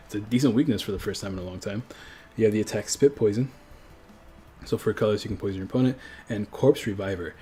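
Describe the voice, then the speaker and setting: A man's voice: lowish voice, mellow, slightly rough. A man from a French-speaking country chatting casually on a livestream, rambling and correcting himself as he goes, with frequent chuckles. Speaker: streamer.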